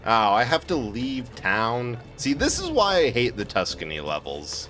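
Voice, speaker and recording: A man's voice: mid-range voice, huge pitch swings, measured pace, fairly bright tone, soft background music. A man chatting casually and joking to his viewers while he plays a video game on a live stream, laughing often. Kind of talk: casual live gameplay commentary.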